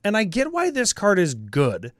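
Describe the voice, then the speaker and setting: A man co-hosting a casual card-game chat, reading rules text quickly with upbeat asides. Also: high voice, wildly swooping pitch, dry recording, studio quality.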